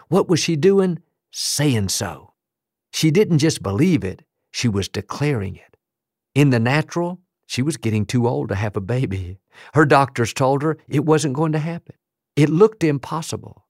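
A man's voice: mid-range voice, animated, a little slow, a little mellow, no echo. Emphatic man preaching, dry close sound. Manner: emphatic, repetitive declarations, rising emphasis on key phrases. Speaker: pastor. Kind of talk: sermon.

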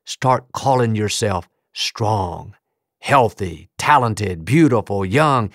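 A man's voice: on the low side, animated, takes it slowly, fairly bright tone, no room sound, studio quality. A man preaching a sermon as pastor, emphatic and building rhythmic lists of declarations.

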